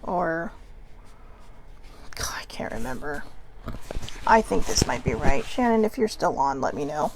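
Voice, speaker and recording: A woman's voice: on the low side, gravelly, slight background noise. A woman hosting a casual chat show, reading gratitude cards and rambling into giggly side notes. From Filipino and Hawaiian heritage. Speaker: host.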